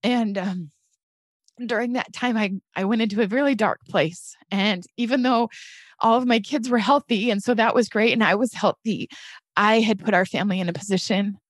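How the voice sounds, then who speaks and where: A woman's voice: medium pitch, normal speed, dry recording, studio quality. A middle-aged woman telling her story as a podcast guest, earnest and emotional, often addressing listeners as "you guys". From United States.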